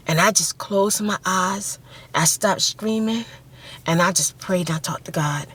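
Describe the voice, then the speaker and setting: A woman's voice: fairly low pitch, unhurried, a bit bright, breathy edge. A woman casually telling an emotional personal story, repeating phrases and acting out voices. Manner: emotional, repeats phrases, acts out screams and quotes. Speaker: ASMR vlogger.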